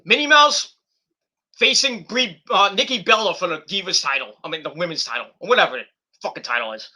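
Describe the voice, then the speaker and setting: Middle-aged guy ranting on his stream, swears a lot, real bright cutting voice. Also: high-pitched, expressive, fast talker. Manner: profane, sarcastic ranting with mock quotes. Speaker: streamer host. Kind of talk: casual ranting livestream.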